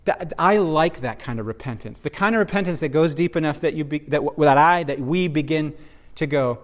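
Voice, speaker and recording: Man, fairly high voice, earnest Bible teacher, halting restarts, searching tone. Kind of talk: conversational Bible discussion.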